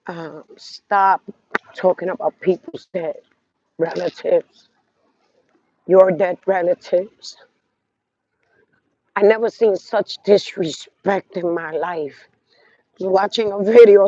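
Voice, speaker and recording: Congested man, high voice, rambling outdoor live streamer, dry lo-fi phone sound. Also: slow, pauses often, darkish tone, dry recording. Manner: rambling, talks to viewers, trails off. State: congested from sinus trouble. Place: outdoors walking a city street.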